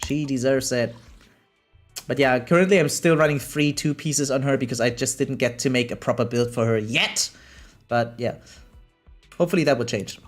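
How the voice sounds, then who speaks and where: A man's voice: mid-range voice, normal speed, faint music behind. A man from Germany with a German accent, streaming a game live and chatting casually with his viewers, laughing often as he answers chat.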